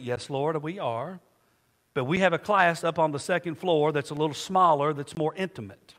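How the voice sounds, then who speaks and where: A middle-aged man preaching from the pulpit with a slightly high voice that rings out through a long church reverb. He swells into emphatic, rhetorical lines, asking the congregation questions and then answering them himself. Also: moderate pace, fairly bright tone. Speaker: pastor. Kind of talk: sermon. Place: church sanctuary.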